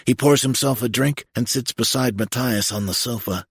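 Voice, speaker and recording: A man narrating a romance audiobook in the first person, with a low, intimate delivery and a husky voice. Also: moderate pace, dry recording, studio quality.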